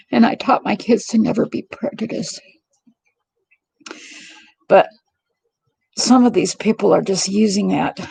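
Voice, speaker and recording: A woman's voice: medium pitch, creaky, dark tone, breathy edge, no echo, low-quality recording. A middle-aged woman hosting a live stream vlog, talking in a rambling, earnest and heartfelt way. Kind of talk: casual confiding monologue.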